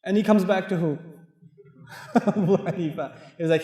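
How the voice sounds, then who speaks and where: Male preacher, high voice, humorous storytelling lecture, long hall reverb. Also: moderate pace. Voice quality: animated, jokey storytelling with laughs. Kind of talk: lecture on the Quran.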